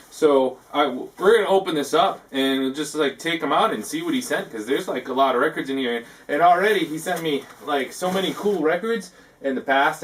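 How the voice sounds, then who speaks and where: A man hosting a comic talk segment, rambling and halting, filling his talk with "like" and tacking on "eh". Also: mid-range voice, a bit bright, recorded from a distance. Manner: halting, full of "like" and tacked-on "eh". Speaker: host of a parody talk segment.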